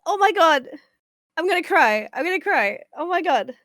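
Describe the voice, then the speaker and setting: A woman's voice: very high-pitched, expressive, normal speed, a bit bright, faint music behind. A young woman reacting to a show in casual, emotional commentary, often gasping and laughing. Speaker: reaction video host.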